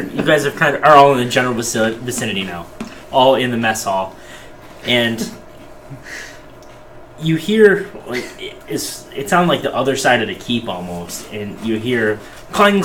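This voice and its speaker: A man's voice: mid-range voice, a bit bright, slight background noise. Casual male game master narrating. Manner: casual, meandering narration with fillers.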